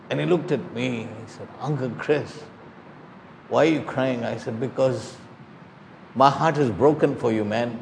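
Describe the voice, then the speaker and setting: A man's voice: medium pitch, normal speed, gravelly, a little mellow, a little hiss or hum. An older man preaching a sermon, pleading and emphatic, telling stories to his listeners.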